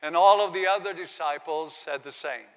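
A man's voice: on the high side, normal speed, smooth, in a large hall. A man preaching a sermon, reading scripture aloud and giving the quoted lines dramatic emphasis. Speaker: pastor.

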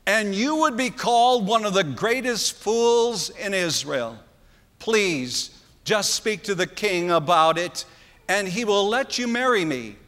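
A man's voice: sits high, lively intonation, slow pace, a bit bright, exaggerated voice. A man voicing a young woman who pleads desperately with her brother. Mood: pleading. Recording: long hall reverb.

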